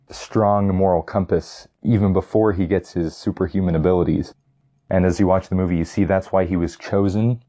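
A young man talks in a casual, rambling way, full of fillers and restarts, clearly enthusiastic about what he is ranking. His voice sits low and sounds mellow and relaxed. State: getting tired. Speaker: vlogger ranking movies. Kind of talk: casual chat.

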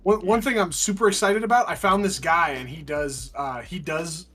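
A man with a high-pitched voice telling rambling, self-deprecating gaming stories in casual chat. He laughs at himself as he talks. Faint background music is heard. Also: fairly even intonation, moderate pace, a bit bright.

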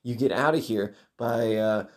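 A man's voice: lowish voice, measured pace. A man casually recounting a tabletop game session, rambling, swearing and breaking off his own sentences. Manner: rambling, profane, self-interrupting. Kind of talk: casual storytelling.

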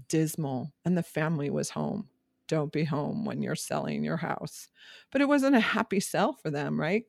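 A woman's voice: fairly low pitch, no room sound, clean studio sound. A woman real estate agent talking candidly in a podcast monologue, emphatic, direct and emotional.

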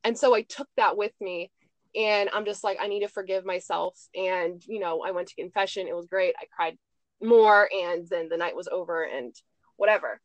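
A woman's voice: lowish voice, moderate pace, dry recording. Chatty young woman telling a story. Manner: chatty storytelling, with frequent "like" and "I'm just like". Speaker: podcast host. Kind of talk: casual chat.

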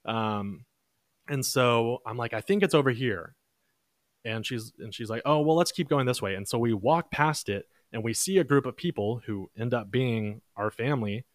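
A young man chats through a personal story in a relaxed, easygoing way. His voice sits in a middle pitch, and he recorded close to the mic in a dry room with no echo. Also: moderate pace. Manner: relaxed, chatty, acts out quotes in a higher voice. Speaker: podcast host. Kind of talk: casual storytelling.

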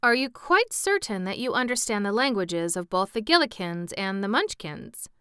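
A woman's voice: mid-range voice, very animated, normal speed, bright, forceful tone, clear, resonant tone, no echo, clean studio sound. A woman reading a pompous scarecrow king. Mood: lofty. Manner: lofty and reproving.

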